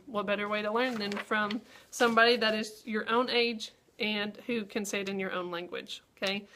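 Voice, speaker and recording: Upbeat woman teacher, slightly high voice. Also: a bit bright. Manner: upbeat classroom talk with frequent "okay?" checks. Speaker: teacher trainer. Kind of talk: modeling a writing lesson.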